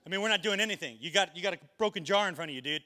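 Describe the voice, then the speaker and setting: A male pastor preaching an animated, comedic sermon, acting out scenes with shouts and sound effects. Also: sits high, very fast. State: winded. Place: church sanctuary.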